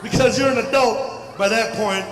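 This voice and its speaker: Loud, high-voiced comedian in an echoey hall. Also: male voice, moderate pace. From India. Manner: loud, animated, playful crowd banter. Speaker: stand-up comedian. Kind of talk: stand-up comedy set. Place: large hall at a community festival. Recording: echoey hall mic from a distance, crowd noise. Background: audience murmur and laughter.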